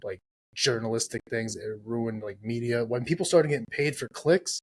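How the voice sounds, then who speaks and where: A man's voice: medium pitch, normal speed, breathy edge. A man hosting a podcast, talking casually and giving emphatic advice that he likes to repeat. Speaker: podcast host.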